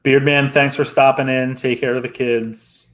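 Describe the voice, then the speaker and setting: Man, trivia host, casual and upbeat, laughs easily, average pitch. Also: level tone, moderate pace. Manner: upbeat, laughs often, announces scores and rounds. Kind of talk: casual livestream chat.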